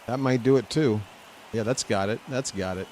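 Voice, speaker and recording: A man streaming live gameplay from a lounge chair at home, talking to the game and reacting loudly as he plays. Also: mid-range voice, moderate pace, background noise. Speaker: gaming streamer.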